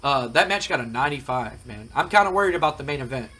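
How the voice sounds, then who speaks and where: A man's voice: medium pitch, animated, quick pace, sharp tone. A man hosting a casual gaming commentary, chatty and rambling with frequent fillers. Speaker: host.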